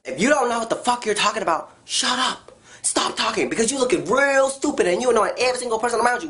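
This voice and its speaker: A woman vlogger delivering a blunt, profane comedic rant straight to camera, her voice jumping around as she goes. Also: fast. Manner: blunt, swears constantly, animated jumps in pitch.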